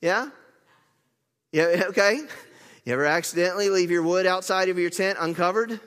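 A man's voice: high voice, moderate pace, fairly bright tone, in a large hall. A man preaching a sermon, telling the story in a playful, chatty way and asking the crowd questions.

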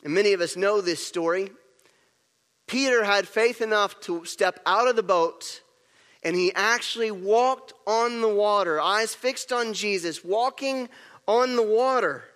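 A man with a high voice preaches a sermon, retelling a story and acting out each moment with lively energy. His voice carries a long reverb, as if recorded in a hall. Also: unhurried, clean tone. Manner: animated storytelling, acts out scenes. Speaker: pastor.

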